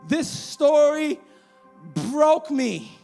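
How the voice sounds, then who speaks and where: A man of around forty preaching a sermon in a church, animated and acting out the voices of people in the story. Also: very high-pitched, very slow, gravelly, soft background music. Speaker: pastor. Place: church sanctuary.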